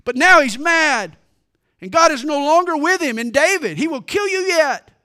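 A man's voice: very high voice, big pitch swings, normal speed, sharp tone, voice pushed up, heavily acted. A man reading aloud plays an angry, reproachful male warrior who confronts his leader in a heated, raised voice. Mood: furious.

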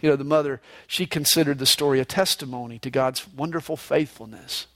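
A male pastor preaching a verse-by-verse sermon, earnest and expressive, moving between emphatic rises and hushed lows, with a conversational "you know" style. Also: fairly quick, no room sound. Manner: conversational, with frequent "you know" fillers and restarts.

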